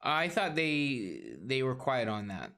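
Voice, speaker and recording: A man co-hosting a casual podcast chat, easygoing and quick to laugh, steering the talk along. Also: mid-range voice, wildly swooping pitch, creaky, pushed and bright. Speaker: podcast co-host.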